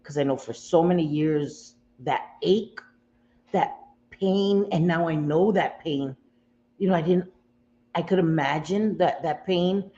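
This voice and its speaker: A woman's voice: low-pitched, unhurried, mellow. A woman hosting a casual livestream from home, talking emotionally and confidingly with viewers, close to tears and often repeating herself. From United States. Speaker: livestream host. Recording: dull lo-fi audio with faint room noise.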